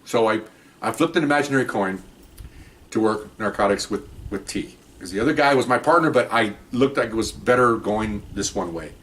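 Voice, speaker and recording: A man who is a former police detective, telling rambling anecdotes in a casual, animated way, full of restarts and retold conversations. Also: fairly low pitch, brisk. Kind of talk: casual spoken storytelling.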